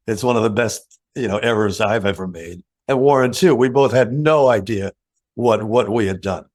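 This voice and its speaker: An older man, a guitarist, telling studio anecdotes in an interview, animated and acting out quoted voices in a higher pitch. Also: normal speed. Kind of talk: storytelling in an interview.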